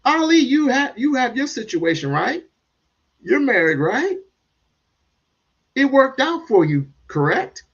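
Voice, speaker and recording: A man hosting a livestream, ranting in commentary with sudden loud bursts and chuckles. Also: extremely high pitch, sing-song, slow, long pauses, slightly rough, dull audio. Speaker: streamer host.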